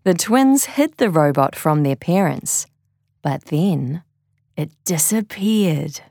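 Aussie woman reading a kids story, slow, lowish voice, dry sound. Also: lively intonation, vocal fry, a little mellow, no echo. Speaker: narrator. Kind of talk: children's storybook narration.

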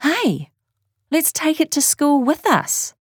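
Bright practical school girl, high and brisk, aussie lady playing her. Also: big pitch swings, no room sound, clean studio sound, exaggerated voice.

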